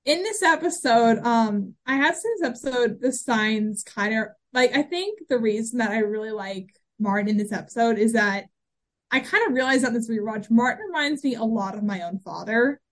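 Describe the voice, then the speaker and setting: A woman's voice: on the high side, lively intonation, moderate pace. A woman co-hosting a podcast in casual chat, rambling and getting emotional as she talks. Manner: rambling, gets emotional and laughs. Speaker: podcast co-host.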